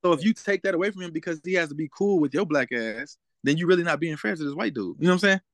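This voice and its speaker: A man's voice: fairly high pitch, rapid-fire, no room sound. A young man as a guest in a casual interview, talking in a laid-back way and often asking "you know what I'm saying?".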